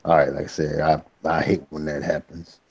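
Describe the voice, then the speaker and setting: A man's voice: a bass voice, level tone, normal speed, slightly rough. A man in a casual political chat, heated, slangy and profane. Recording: dull lo-fi call audio.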